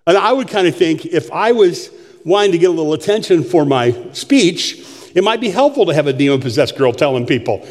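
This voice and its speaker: Joking preacher, fairly high voice. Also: male voice, a little fast. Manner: animated, joking, asks the congregation questions. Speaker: pastor. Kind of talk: sermon. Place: church sanctuary. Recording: long hall reverb.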